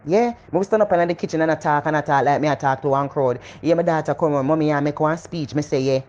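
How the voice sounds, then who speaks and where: A middle-aged woman with a Jamaican accent giving a casual motivational talk, animated and preachy, repeating phrases for emphasis. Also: low voice, quick pace, highs cut off. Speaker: motivational vlogger.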